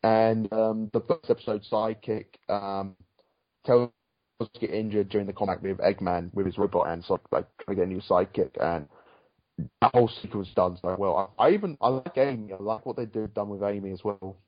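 A man talking in a relaxed podcast chat. He rambles and often restarts his sentences. The recording is dull and lo-fi, with a dry, close sound. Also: fairly low pitch, a little fast, dry recording. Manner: rambling, chatty, with frequent restarts. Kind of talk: casual podcast chat about a cartoon.

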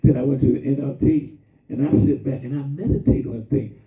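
A man preaching a sermon in a call-and-response style, drawing out his emphasis slowly and then rushing through asides. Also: mid-range voice, fairly even intonation, vocal fry. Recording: distant, echoey, phone-like sound from far off.

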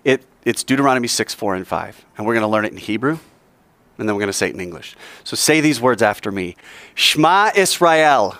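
A man teaching a class in an energetic way. He coaches the group and drills them line by line in call-and-response. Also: on the low side, quick pace.

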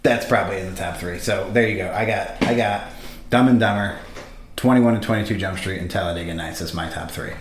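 A man chatting casually and profanely, getting animated when he retells scenes. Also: low-pitched, brisk, roomy sound, a little hiss or hum. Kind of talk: casual chat.

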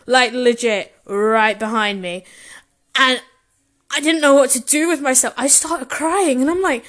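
A woman's voice: fairly high pitch, normal speed, fairly bright tone. Gushing young woman telling a story. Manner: gushing, emotional, laughs often while telling. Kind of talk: personal storytelling.

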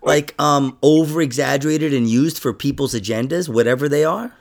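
A man's voice: fairly high pitch, moderate pace, gravelly. A young adult man hosting a podcast in casual chat, rambling and swearing, trailing off and laughing often. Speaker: podcast host.

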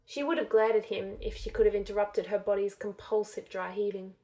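A woman narrating a fan fiction chapter in a steady audiobook reading. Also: medium pitch, brisk.

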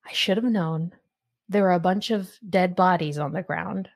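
A woman's voice: on the low side, normal speed, vocal fry. Chatty laughing woman podcaster. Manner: chatty, laughs often, self-conscious. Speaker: podcast host. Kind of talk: casual chat.

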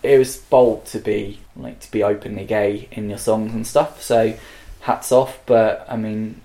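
A man's voice: lowish voice, fairly even intonation, a little slow, warm tone. A man giving thoughtful, reflective commentary in a casual music chat. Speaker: podcast co-host reviewing songs.

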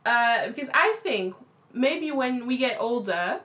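A woman's voice: fairly high pitch, lively intonation, a little slow, a bit bright. A woman co-hosting a casual group chat podcast, talking earnestly and reflectively. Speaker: podcast co-host.

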